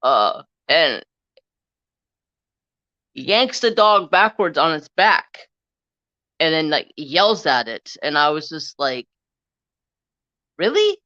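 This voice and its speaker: A man's voice: fairly high pitch, lively intonation, takes it slowly, pauses often, sharp tone, no room sound, lo-fi sound. A man hosting a casual crafting live stream, rambling through a story and getting heated as he retells an argument.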